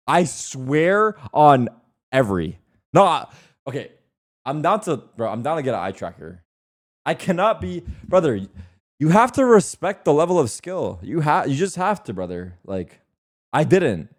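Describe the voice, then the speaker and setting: A man's voice: a little high, very animated, a little slow. A young man streaming live, bantering with his chat in a loose, defensive way and swearing freely.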